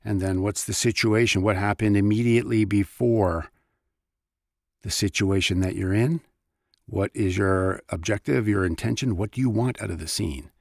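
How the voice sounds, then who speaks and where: A man's voice: lowish voice, normal speed, vocal fry, a little mellow, no echo, studio quality. A male voice actor talking casually and chattily about his craft, in a rambling way. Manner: chatty, rambling, self-interrupting. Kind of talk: casual vlog talk.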